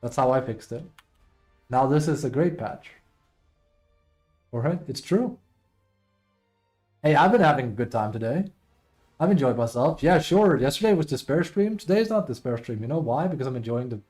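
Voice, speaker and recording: A man's voice: medium pitch, lively intonation, moderate pace, long pauses, a little mellow, faint music behind. A man streaming live and chatting casually with viewers, rambling and self-deprecating as he reads chat aloud.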